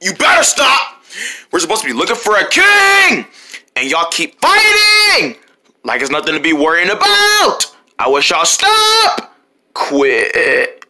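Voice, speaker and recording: Homemade cartoon narration, playful, sing-song, piercingly bright, animated pitch. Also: unhurried.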